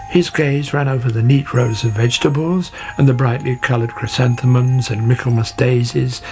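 A man reading a children's story aloud in a gentle, measured way, over background music. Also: mid-range voice. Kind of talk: scripted storybook narration. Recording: music playing under the voice.

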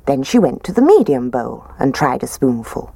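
A woman reading a children's story aloud in a gentle, expressive way. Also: rumbling low, moderate pace, gravelly, breathy edge, no echo.

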